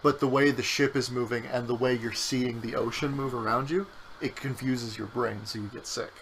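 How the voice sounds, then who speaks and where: Bright-voiced man, joking gameplay streamer. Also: mid-range voice, fairly even intonation, moderate pace, a little hiss or hum, poor audio. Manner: joking, bursts into silly voices and yelps. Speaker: co-host playing a game on stream. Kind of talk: casual gameplay chat.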